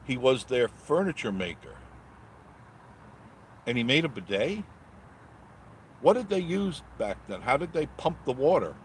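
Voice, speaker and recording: A man's voice: mid-range voice, sing-song, unhurried, pauses often, slight background noise. A man vlogging while driving, casually chatting with viewers and reading their comments in a rambling, joking way. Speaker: vlogger reading live chat. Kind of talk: casual live-stream chat while driving. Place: in a car on the road.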